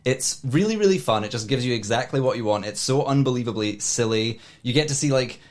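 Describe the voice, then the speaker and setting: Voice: mid-range voice, expressive, fairly quick. A podcast co-host talks about a favourite film with a rambling, eager enthusiasm. The speech is loose and casual, full of "like" and "I don't know". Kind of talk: casual chat.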